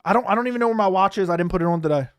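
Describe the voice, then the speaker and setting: A young man hosting a live fight watch-along, talking casually and animatedly, swearing, repeating himself and breaking into loud outbursts. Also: high voice, racing, clear, resonant tone, no room sound. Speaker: host reacting to a live fight.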